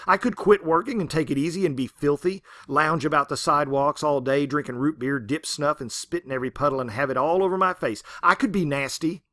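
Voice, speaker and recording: A man's voice: medium pitch, fairly quick, hardly any pauses, no echo. A man doing a furious ranting farm woman. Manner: ranting and shouting at God. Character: furious self-righteous Southern farm woman.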